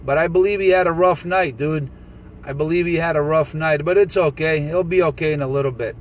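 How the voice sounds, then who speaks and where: A man from New Jersey on a CB radio channel, calmly teasing and laughing at a rival. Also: on the high side, fairly quick, heavy background noise. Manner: taunting, laughing, calm and teasing. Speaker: CB radio operator recording his channel. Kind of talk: casual radio banter, mocking.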